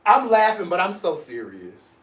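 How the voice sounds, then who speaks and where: A man's voice: sits high, huge pitch swings, normal speed, echoey room, slight background noise. A man in his forties hosting a casual video podcast, talking in a sassy, playful and outspoken way. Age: 40s. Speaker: podcast host.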